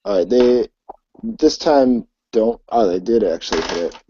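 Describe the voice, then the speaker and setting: Guy running a tabletop game, low mellow voice, lots of ums, muffled dry sound. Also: animated, breathy edge, no room sound. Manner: halting, lots of ums and restarts. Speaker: game master.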